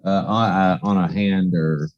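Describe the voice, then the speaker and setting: A man's voice: deep voice, fairly even intonation, unhurried, a little mellow, a little hiss or hum. A man playing a tabletop game, playful and stumbling over his words as he talks in character. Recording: dull lo-fi mic.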